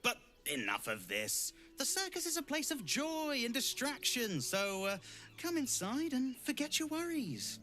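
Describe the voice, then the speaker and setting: An actor playing a flattering, smooth-talking male circus barker in a video game. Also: extremely high pitch, a little slow, faint music behind, heavily acted. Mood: showy. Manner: theatrical, flattering, sing-song announcing. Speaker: circus greeter.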